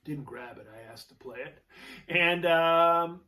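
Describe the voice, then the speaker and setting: A man's voice: fairly high pitch, slow, pushed and bright, far from the mic. A man hosting his own show, telling a rambling story in a casual, chatty way with many fillers and restarts. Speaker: show host, jazz guitarist.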